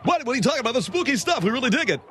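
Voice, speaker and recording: A man putting on a brash radio fill-in host, high voice, swooping delivery, carnival-barker patter. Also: big pitch swings, noisy background. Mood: breezy. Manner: hyped carnival-barker delivery, rapid-fire. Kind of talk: comedic radio character bit.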